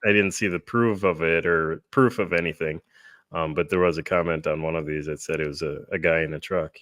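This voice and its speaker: A man on a paranormal panel show, talking casually and hesitantly with many pauses and fillers. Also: very deep voice, steady tone, fairly bright tone, dry recording, clean studio sound.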